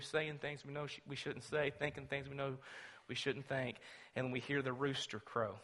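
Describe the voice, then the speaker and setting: A man preaching a sermon, telling the story dramatically and swinging between loud and hushed. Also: mid-range voice, fairly even intonation, normal speed, few pauses. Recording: long reverb of a large hall.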